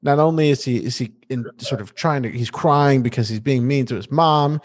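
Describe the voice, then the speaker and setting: Speaking at a normal speed with a medium pitch, a man recaps a TV episode as a podcast co-host. The tone is casual and playful, and he restarts his sentences as he goes in an animated way.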